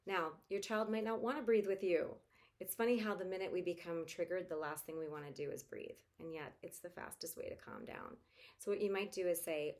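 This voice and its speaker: A woman parenting coach speaking gently and encouragingly to parents, modeling soothing words they can say to an anxious child. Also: on the low side, fairly even intonation, normal speed.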